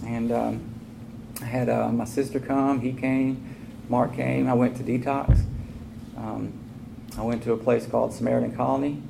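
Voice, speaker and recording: A man with a deeply gravelly, fry-heavy voice speaks at a recovery meeting. He talks candidly and casually and slips into the voices of the people in his story. There is a steady hiss of noise around him. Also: moderate pace, pauses often. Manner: casual and candid, acts out quoted dialogue. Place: meeting room. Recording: noisy room recording.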